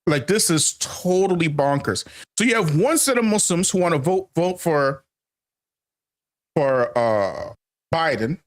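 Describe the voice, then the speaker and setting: An expressive, unhurried channel host with a slightly high voice delivers a casual commentary monologue. He is emphatic and repetitive, often laughing and addressing his viewers as family.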